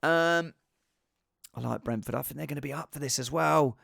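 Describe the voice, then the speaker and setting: Man, casual solo vlog, rambling with restarts, lively up-and-down voice, close dry sound. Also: a little high, normal speed, creaky, no room sound. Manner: animated, rambling, with restarts and asides. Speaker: fantasy football vlogger.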